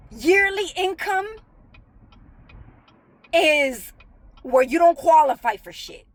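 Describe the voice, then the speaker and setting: A woman with a high voice delivers a furious, swearing monologue. She sounds bitter and sarcastic, leaning hard on each point as she vents. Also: fairly bright tone, no room sound, poor audio. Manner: profane, heated and emphatic. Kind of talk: angry venting monologue.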